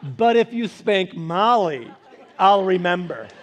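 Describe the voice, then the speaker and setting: A man's voice: high voice, sing-song, slow, some chatter behind, exaggerated voice. A man playing his stubborn, clever young daughter, who argues back in a cool, reasoning, unbothered tone. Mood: coolly defiant.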